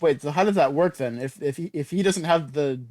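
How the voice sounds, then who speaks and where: A man's voice: fairly high pitch, brisk, darkish tone. A man co-hosting a casual podcast, often stammering and repeating words as he starts sentences. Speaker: podcast co-host.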